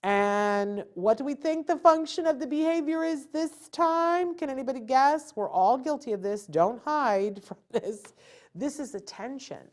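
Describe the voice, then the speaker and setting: A middle-aged woman hosting a live talk show, giving parenting advice in a lively, animated way and acting out a child's point of view. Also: high voice, unhurried. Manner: animated, acts out a child's thoughts and parental lectures. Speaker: host.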